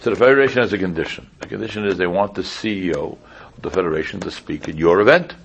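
A rabbi delivers a relaxed Torah class in a deep voice with a gravelly, fried edge. His tone is husky rather than clear. He talks casually and keeps circling back to sharp rhetorical questions. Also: fast, muffled recording. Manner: conversational, repeats pointed rhetorical questions. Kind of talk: informal Torah lecture.

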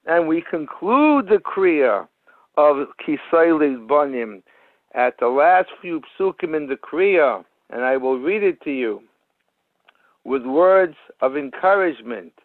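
High-voiced male preacher on a tinny line. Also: animated, slow, no echo. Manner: storytelling with frequent repetitions and restarts. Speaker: Torah teacher. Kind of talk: sermon with parable. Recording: tinny phone-like radio broadcast.

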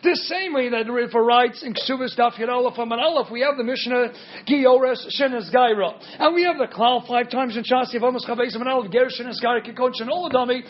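A man's voice: extremely high pitch, fairly quick, dull audio. A man teaching a Talmud lecture, firing rhetorical questions and answering them, with Hebrew and Aramaic terms woven through his English. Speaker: Torah teacher.

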